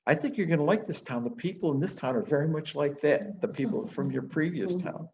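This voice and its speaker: Gentle knowing old sage, voiced by a man, storytelling, slightly muffled lo-fi sound. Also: on the high side, lively intonation, brisk, gravelly, slight background noise. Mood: gently knowing. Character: calm wise old male sage by a road.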